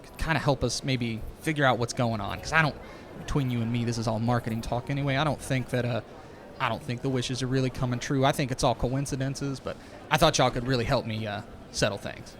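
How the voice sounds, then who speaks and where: A man's voice: mid-range voice, steady tone, a little fast, few pauses, natural voice. A man voicing a sweaty, overeager male event promoter with a bad fake Texas accent, in a tabletop game. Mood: salesy. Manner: loud, overeager, glad-handing. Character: sweaty male event promoter with a combover, pushy salesman type.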